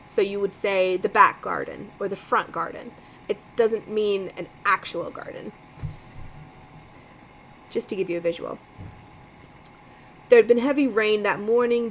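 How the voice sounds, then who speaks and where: A chatty woman reads a mystery novel aloud on a livestream, breaking off for casual asides. Her tone is relaxed and self-mocking, with faint noise behind her. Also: medium pitch, low-quality recording. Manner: chatty, laughs at herself. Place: home, livestream.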